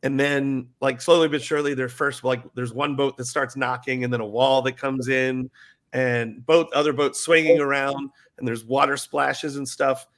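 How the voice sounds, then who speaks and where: A middle-aged man, a former ride skipper, telling stories in a casual interview and acting out riders' squeals in a high voice. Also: little pitch movement, normal speed, fairly bright tone.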